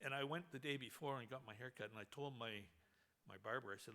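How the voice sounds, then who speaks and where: A man speaking at a memorial who tells a humorous anecdote with animated storytelling and laughs along as he goes. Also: mid-range voice, fast talker.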